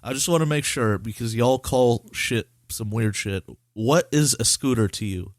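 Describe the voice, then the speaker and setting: A man's voice: medium pitch, moderate pace, no echo, clean studio sound. A young man hosting a casual podcast chat, teasing his co-host and swearing freely. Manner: blunt, profane, teasing.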